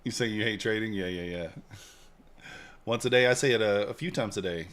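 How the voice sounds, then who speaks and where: A man's voice: fairly low pitch, moderate pace, a bit bright. A man hosting a live trading stream, chatting casually, joking and answering viewers' comments. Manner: laid-back, joking, reads and answers chat. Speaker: livestream trading host.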